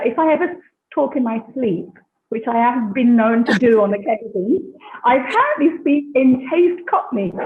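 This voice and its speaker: A woman's voice: a little high, a little hiss or hum. A British woman from London in her fifties, chatting as an interview guest and laughing often. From London, England. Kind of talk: casual interview chat. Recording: echoey, tinny phone-like line.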